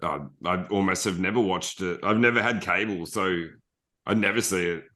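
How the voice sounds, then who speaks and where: A man's voice: low voice, normal speed, sharp tone. A man with an Australian accent, a podcast guest chatting casually and rambling on.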